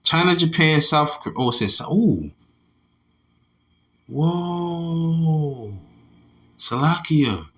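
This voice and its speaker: A man's voice: fairly high pitch, lively intonation, very slow, long pauses, bright, forceful tone. A slightly tipsy man giving a casual, profane scripture lesson and reading articles aloud while talking back to his listeners. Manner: loose, profane, talks back to his audience. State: a little tipsy. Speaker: religious commentator.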